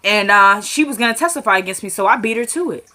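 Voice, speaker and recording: A woman casually recapping a TV episode, acting out the characters' lines with quick asides. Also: medium pitch. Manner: animated, quotes characters, quick asides and laughs.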